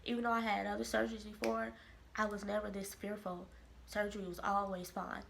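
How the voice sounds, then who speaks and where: Bright-voiced woman telling a story. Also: medium pitch, brisk, vocal fry, a little hiss or hum. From Kansas City, Missouri. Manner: animated, expressive storytelling with quoted voices. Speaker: vlogger. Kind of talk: casual storytelling.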